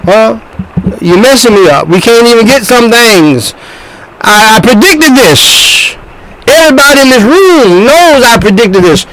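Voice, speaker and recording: High-voiced, animated man preaching. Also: unhurried, low-quality recording. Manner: emphatic, animated, repeats himself. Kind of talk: sermon.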